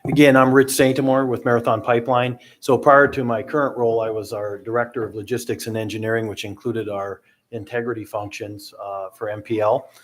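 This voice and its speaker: A man's voice: medium pitch, flat delivery, brisk, few pauses, slight background noise. A middle-aged man, a company president, introducing himself on a conference panel in a businesslike way with many fillers. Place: hotel ballroom conference session.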